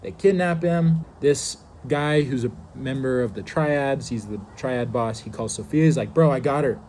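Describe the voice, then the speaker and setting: A man's voice: medium pitch, a little slow, a little mellow, a little hiss or hum. A man casually recapping a TV episode, rambling loosely with many fillers. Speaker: TV show reviewer.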